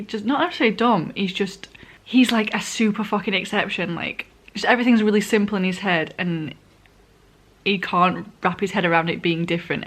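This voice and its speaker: A woman's voice: medium pitch, a bit bright. A young woman reacting to a manga in a casual, heated, rambling way, with frequent swearing. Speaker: manga vlogger.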